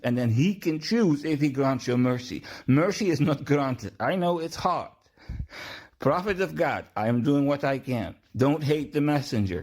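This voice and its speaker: A man's voice: mid-range voice, a little mellow. A man hosting a podcast, a delivering an emphatic, preachy religious monologue with lots of repetition. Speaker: podcast host.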